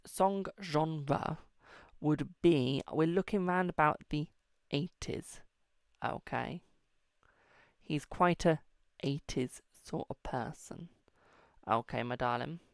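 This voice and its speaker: Chatty British man with a gravelly voice. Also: a little high, no room sound, studio quality. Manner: chatty, affectionate, calls viewers darling and boo. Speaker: tarot reader hosting a live stream. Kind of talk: live-stream tarot reading.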